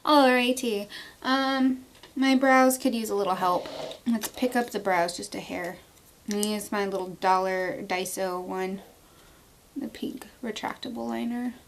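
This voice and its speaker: A woman's voice: mid-range voice, steady tone, measured pace, slight background noise. A woman in her thirties chatting casually through a makeup tutorial at home, playful and prone to inventing silly words as she works. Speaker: beauty vlogger. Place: at home, indoors.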